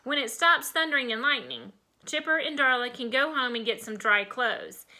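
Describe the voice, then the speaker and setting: A woman voicing a stern but caring mother who scolds loudly. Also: sits high, lively intonation, normal speed, full character voice. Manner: loud, scolding.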